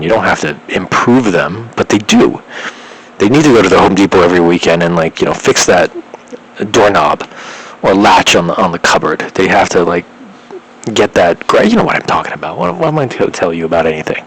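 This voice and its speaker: A man's voice: low voice, a bit bright, slightly rough, poor audio. A young man vlogging, telling a rambling personal story with many restarts and filler words.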